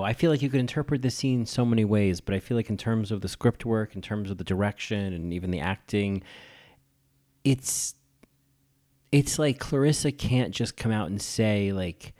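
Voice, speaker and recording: A man hosts a casual podcast and talks about a film he loves. His voice sits a little low. He is effusive and rambling, and he keeps restarting his sentences. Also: normal speed, darkish tone. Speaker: podcast host.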